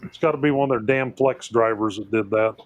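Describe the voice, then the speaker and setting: A man's voice: on the low side, fairly quick, lo-fi sound. A man on a casual podcast, grumbling in exasperation. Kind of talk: casual chat.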